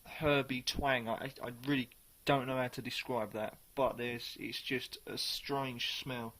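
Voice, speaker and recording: A man reviewing a beer in a casual, chatty way, sometimes pausing to search for the right words. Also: mid-range voice, fairly even intonation, a bit bright.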